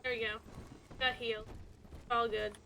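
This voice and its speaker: A woman's voice: on the high side, level tone, normal speed, creaky, sharp tone, slight background noise. A young woman streaming a game, chatting playfully and laughing with friends. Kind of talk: casual chat while gaming.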